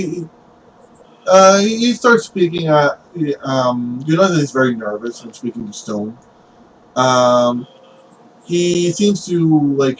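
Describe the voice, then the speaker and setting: A man's voice: medium pitch, slight background noise, poor audio. A man narrating as game master of a tabletop game, rambling with frequent fillers.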